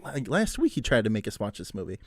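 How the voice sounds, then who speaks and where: A man's voice: fairly low pitch, wildly swooping pitch, quick pace. A man co-hosting a casual podcast, joking and laughing often as he chats. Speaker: podcast co-host. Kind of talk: casual chat.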